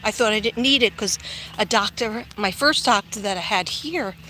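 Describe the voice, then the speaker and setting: A woman's voice: medium pitch, normal speed, bright, forceful tone. Chatty woman vlogger, meandering outdoor walk-and-talk into a phone, light traffic hum. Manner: rambling, chatty storytelling with many ums. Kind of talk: casual walking livestream chat. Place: outdoors, walking in sun.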